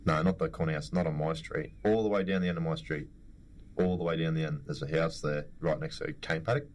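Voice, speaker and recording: A young Australian man with a low, deep voice tells a rambling, joking story, chatting easily with his mates. A faint hiss sits under his voice. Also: fairly even intonation, fast. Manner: storytelling, joking, laughs often. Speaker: podcast co-host. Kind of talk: casual chat.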